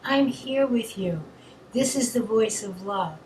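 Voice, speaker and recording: A woman with a fairly high voice gives a spiritual talk at a very slow, unhurried pace. Her phrases are soft, tender and drawn out. The sound is roomy, with a faint hiss behind her. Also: expressive. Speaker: co-leader of an online spiritual session. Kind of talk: slow, gentle spiritual teaching.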